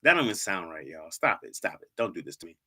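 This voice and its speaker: A man's voice: low voice, big pitch swings, quick pace, bright, forceful tone, breathy edge. A man hosting a casual livestream, chatting with his viewers and playfully teasing them, repeating words for laughs. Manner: talks straight to viewers, says "y'all" a lot. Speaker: livestream host.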